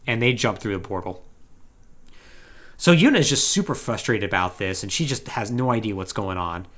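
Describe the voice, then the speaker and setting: A man hosting a podcast, casually retelling a video game story with lively paraphrased quotes and quick self-corrections. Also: fairly low pitch. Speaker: podcast host.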